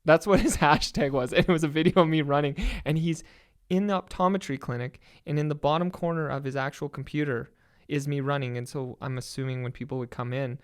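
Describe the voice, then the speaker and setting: A young Canadian man, a podcast guest, telling a story in an excited, casual way with a lot of swearing. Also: fairly high pitch, a little fast, clean tone.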